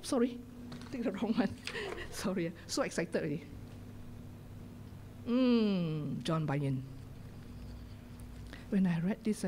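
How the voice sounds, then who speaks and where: A middle-aged woman pastor with a Singaporean English accent preaching a sermon in a church, swinging from loud exhortation to hushed whispers. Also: on the low side, a little hiss or hum. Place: church sanctuary.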